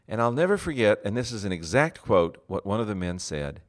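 A middle-aged man, a pastor, giving a reflective teaching talk in an earnest, heartfelt way, pausing often on "uh". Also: on the low side, very animated. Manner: earnest and heartfelt, with frequent "uh" pauses. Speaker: pastor and ministry leader.

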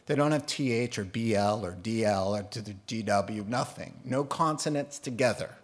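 A middle-aged man preaching a sermon, animated and often laughing as he mimics accents to make his point. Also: fairly low pitch, normal speed. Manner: animated, laughing, putting on funny accents for examples. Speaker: pastor.

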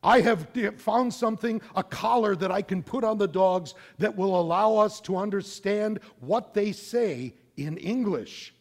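An excited cartoon scientist stammers out his discovery in a raised, eager voice, as a preacher acts him out. He sounds breathless with pride. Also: sits high, unhurried, hardly any pauses, voice pushed up.

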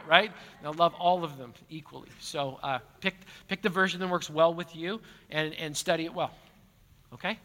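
Bright-voiced pastor in a reverberant hall. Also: male voice, high-pitched. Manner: conversational, repeats words, self-deprecating humor. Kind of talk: answering congregation questions. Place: church auditorium.

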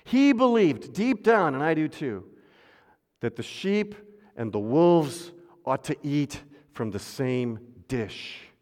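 A man preaching a sermon as pastor, swinging from loud refrains to hushed asides and calling on the congregation to repeat after him. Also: mid-range voice, lively intonation, slow pace. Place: church sanctuary. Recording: long hall reverb.

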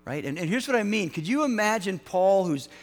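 A man's voice: sits high, brisk. Man preaching conversationally in a reverberant hall. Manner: conversational, animated, many restarts and fillers. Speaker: pastor. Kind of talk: sermon. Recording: hall reverb, mains hum.

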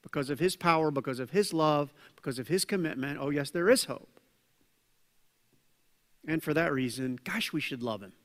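A man preaching a conversational sermon as pastor, acting out quoted voices with lively asides. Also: fairly high pitch, fairly quick, few pauses. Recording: long hall reverb.

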